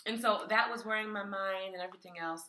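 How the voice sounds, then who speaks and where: A woman from New York telling a personal story to her viewers in a casual, animated way, often calling them y'all and laughing. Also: medium pitch, fast talker. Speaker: spiritual vlogger and tarot creator. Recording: echoey room.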